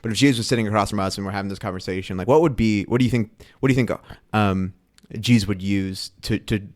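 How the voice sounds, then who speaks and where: Low-voiced man posing a question. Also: quick pace, dry recording, clean studio sound. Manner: builds a question in stops and starts. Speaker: podcast co-host. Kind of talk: casual Bible discussion.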